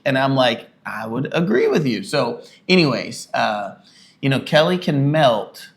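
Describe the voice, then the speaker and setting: A man's voice: mid-range voice, a little slow. A man co-hosting a casual podcast with his wife, telling rambling, jokey stories. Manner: rambling storyteller, jokey, animated when retelling. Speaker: pastor and podcast co-host. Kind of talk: casual chat.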